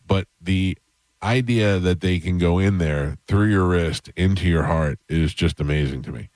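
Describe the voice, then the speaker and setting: A radio host telling a long, self-mocking story in a casual, rambling way, with restarts, into a close studio mic. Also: male voice, low-pitched, normal speed, a little mellow, no room sound.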